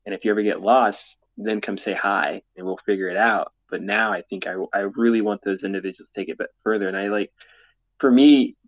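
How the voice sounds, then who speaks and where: A man's voice: fairly low pitch, steady tone, brisk, no echo, highs cut off. A man being interviewed as a mountaineer and explorer, speaking candidly in an earnest, rambling way and laughing often. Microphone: podcast mic, camera off.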